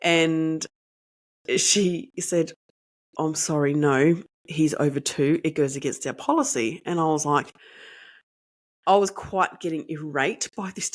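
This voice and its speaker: A woman's voice: sits low, slow pace. Woman recounting a frustrating story. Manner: animated retelling, indignant, acting out quoted dialogue. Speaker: podcast host. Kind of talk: personal storytelling.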